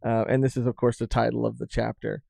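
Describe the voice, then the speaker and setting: A man's voice: mid-range voice, flat delivery, fast talker, creaky, mellow, no echo. A man co-hosting a podcast, chatting casually and animatedly about a manga chapter, swearing freely and often restarting his sentences. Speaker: podcast co-host. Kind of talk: casual chat reviewing manga.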